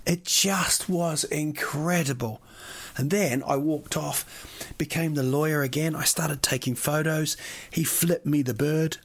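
A man's voice: fairly high pitch, steady tone, a little slow, slightly rough. A man, a comedian, telling a rambling, sweary comic story that keeps getting more worked up.

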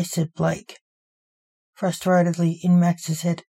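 A woman reading her own story aloud as its author, in an even, unhurried storybook narration. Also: fairly low pitch.

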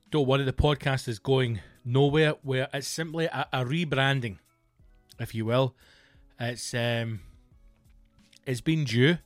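A man's voice: mid-range voice, fairly bright tone, no room sound. Scottish man, podcast host, rambling jokey monologue, dry close sound, faint music under. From Scotland. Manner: rambling, jokey, with playful put-on bits. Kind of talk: casual comedic monologue.

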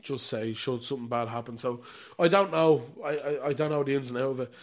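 A man's voice: mid-range voice, a little fast. Irish man telling pub stories. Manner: storytelling, laughs often, swears casually. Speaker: podcast co-host. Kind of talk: casual chat.

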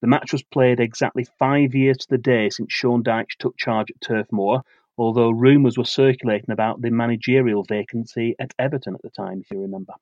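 A man co-hosts a football podcast and reads a prepared preview in a steady, measured way. His voice is mid-pitched for a man. The recording is dry and a little dull, with a slightly lo-fi sound. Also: dry recording. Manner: steady, measured delivery of facts and dates. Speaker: podcast co-host presenting match previews. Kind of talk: reading a prepared match preview.

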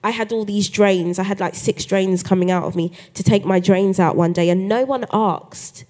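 A woman's voice: mid-range voice, moderate pace. A woman, a guest author telling her story in a live podcast interview, acting out the voices of others as she goes. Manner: animated storytelling, acts out quoted voices. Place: live festival stage.

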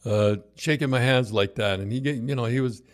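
Older guy, ex-coach, rambling lively yarns, lots of restarts. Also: medium pitch, brisk. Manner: rambling anecdotes, lively, many restarts and quoted voices. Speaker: former hockey coach. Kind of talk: casual storytelling chat.

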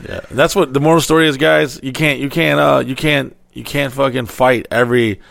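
Gravelly, profane male podcast host. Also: medium pitch, normal speed, dry recording, clean studio sound. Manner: profane, rambling, animated storyteller. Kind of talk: crude casual storytelling. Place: home podcast room. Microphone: podcast mic with headphones.

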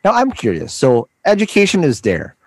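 Filipino guy hosting a podcast, super lively up-and-down voice, dry sound. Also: a little high, moderate pace, no room sound. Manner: animated, encouraging interviewer. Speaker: podcast host. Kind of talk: casual interview conversation.

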